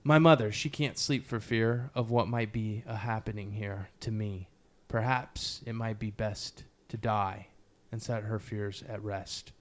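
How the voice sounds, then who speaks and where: A man reading a poem aloud in a slow, measured way. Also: on the low side, steady tone. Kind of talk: poetry reading.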